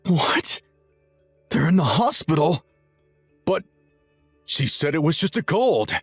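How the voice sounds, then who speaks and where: A man's voice: medium pitch, big pitch swings, normal speed, no room sound, faint music behind, close to an everyday voice. A man voicing a smug, self-righteous young husband who lectures and sneers in a dramatized text-message story. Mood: alarmed.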